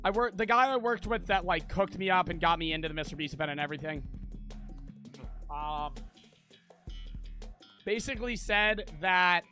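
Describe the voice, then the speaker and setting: Slangy, high-voiced young man streaming. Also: moderate pace, long pauses. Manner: slangy, excitable, swears often. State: out of breath. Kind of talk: casual gaming commentary. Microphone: headset. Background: game music.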